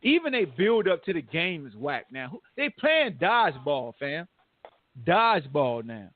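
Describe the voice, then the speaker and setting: A sports podcast host with a high voice launches into an animated, slang-heavy rant, trash-talking and mocking whoever he's discussing. He keeps a measured pace. The dry audio sounds thin and narrow, like it's coming over a phone line.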